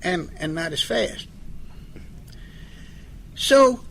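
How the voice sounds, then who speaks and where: Folksy high-voiced man telling stories. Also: expressive, very slow, gravelly, a bit bright. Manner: folksy, humorous, acts out both sides of arguments. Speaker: speaker on addiction recovery. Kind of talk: storytelling talk to an audience.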